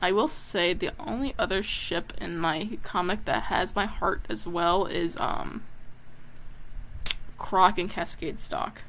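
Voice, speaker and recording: A woman's voice: on the low side, takes it slowly, a little hiss or hum. A woman and comic artist chatting casually while drawing on a live stream, talking with lots of fillers. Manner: chatty, many fillers, drifts into soft asides.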